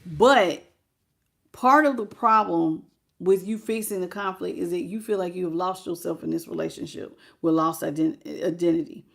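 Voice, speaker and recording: A woman's voice: fairly low pitch, normal speed, creaky. A woman giving a casual tarot reading, talking bluntly and colloquially and chatting with her viewers. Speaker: tarot reader.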